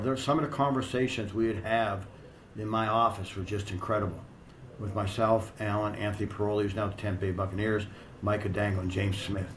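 A man's voice: fairly low pitch, a little hiss or hum, low-quality recording. A middle-aged American man and strength coach telling blunt, profane, rambling stories in a casual interview.

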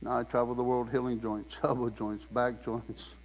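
A man's voice: mid-range voice, moderate pace. A man preaching a sermon in a church, telling humorous stories and acting out the voices of the people in them. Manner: animated storyteller, acts out quotes in raised voice. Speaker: guest preacher. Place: church sanctuary. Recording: long hall reverb, mains hum.

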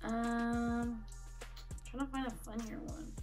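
A woman's voice: on the high side, unhurried, a little mellow, soft background music. A young woman hosting a casual solo podcast, recorded on her phone, giggling and swearing as she reads memes aloud. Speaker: podcast host.

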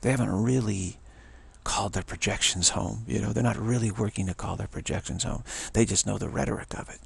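A man's voice: fairly low pitch, steady tone, fairly quick, vocal fry, breathy edge. A man giving an informal spiritual talk as a teacher, rambling and full of "you know" fillers. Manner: rambling, frequent 'you know' fillers.

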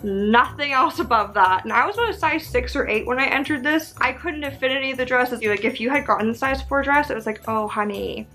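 A young woman tells a story straight to camera in a chatty, frank way. She swears freely and fills her talk with "like". Her voice sits a little high, with faint music in the background. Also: fast, few pauses, pushed and bright. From Canada. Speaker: vlogger. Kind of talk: casual storytime monologue.

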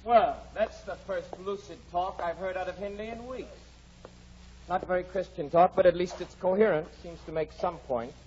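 An actor playing a brooding, bitter young man in a 1940s radio drama, cold and mocking with a husky voice. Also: high-pitched, moderate pace, a little hiss or hum, lightly acted. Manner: cold, mocking, turning to fierce shouts. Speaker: Heathcliff. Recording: dull 1940s radio broadcast.

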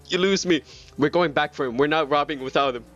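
Excitable young man streaming a game. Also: a little high, fairly quick, faint music behind. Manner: excitable, rambling, repeats himself in bursts. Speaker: live streamer. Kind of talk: casual live gameplay commentary. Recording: dull lo-fi stream mic.

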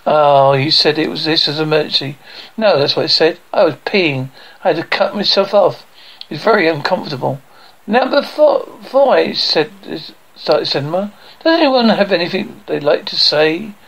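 A man's voice: a little high, moderate pace, fairly bright tone, poor audio. A man performing a one-man reading of a sitcom script, voicing every part himself and reading the stage directions aloud.

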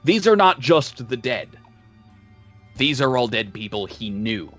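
A man's voice: mid-range voice, very animated, unhurried, a bit bright, highs cut off, soft background music. A man narrating as game master of a tabletop game in a casual, conversational way.

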